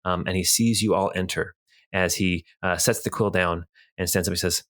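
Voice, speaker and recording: Lowish-voiced man running a tabletop game. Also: steady tone, moderate pace, a bit bright. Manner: rambling with many ums and uhs. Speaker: game master.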